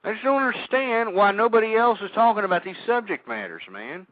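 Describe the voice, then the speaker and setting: A man hosting a call-in internet radio show, ranting vulgarly and shouting with passion. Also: sits high, animated, brisk, dry recording, narrow, tinny audio. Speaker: radio talk show host.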